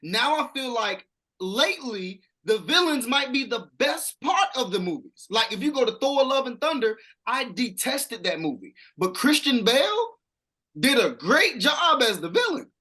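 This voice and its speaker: A man giving a casual film review, animated and emphatic, swearing now and then. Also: very high-pitched, unhurried. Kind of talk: casual chat.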